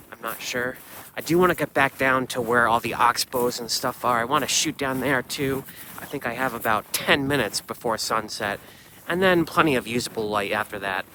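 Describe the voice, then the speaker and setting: A van-life vlogger narrates a casual travel vlog to camera, thinking aloud in a loose, unsure, chatty way. His medium-pitched voice sounds pushed and bright, with a little hiss or hum in the audio.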